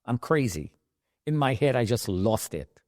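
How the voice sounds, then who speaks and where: A man's voice: mid-range voice, sing-song, a little slow, a little mellow, no room sound. A middle-aged man recounting how he survived, acting out the voices of the people in his story, heard close on a studio mic. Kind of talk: emotional personal storytelling.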